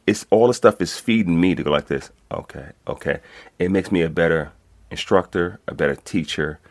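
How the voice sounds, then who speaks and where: A man, talking as an interview guest in an animated, streetwise way and swearing freely. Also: sits low. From Brooklyn, New York. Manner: animated, streetwise, swears freely, many "you know what I'm saying". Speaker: guest, code enforcement instructor. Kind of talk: casual interview talk.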